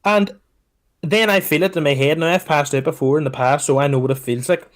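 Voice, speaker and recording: Animated man telling a story. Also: fairly high pitch, fairly quick. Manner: animated, swearing, mimics people in his story. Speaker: podcast co-host. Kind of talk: casual storytelling chat.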